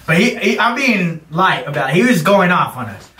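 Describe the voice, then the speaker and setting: Young guy on a podcast, kinda high voice, animated storytelling, echoey room far off the mic. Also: moderate pace. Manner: animated storyteller, acts out shouted quotes. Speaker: podcast co-host. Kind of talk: casual storytelling chat.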